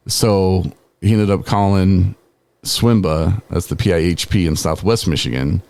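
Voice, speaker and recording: A man's voice: deep voice, measured pace, gravelly, a little mellow, no room sound. A man in his forties hosting a podcast, telling a personal story in a casual, conversational way with frequent laughs and filler words. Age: 40s. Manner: casual, conversational, peppered with "man" and "you know"; laughs while telling stories. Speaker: podcast host.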